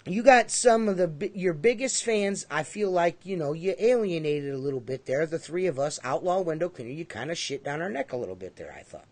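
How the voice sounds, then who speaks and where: High-voiced, profane podcast host. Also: male voice, expressive, a little fast, hardly any pauses, a little mellow. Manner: profane, rambling, emphatic. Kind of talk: casual livestream chat.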